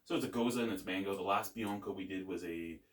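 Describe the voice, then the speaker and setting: A man's voice: sits low, fast talker, reverberant, distant mic. A man hosting a casual beer review, rambling and joking with the odd swear word.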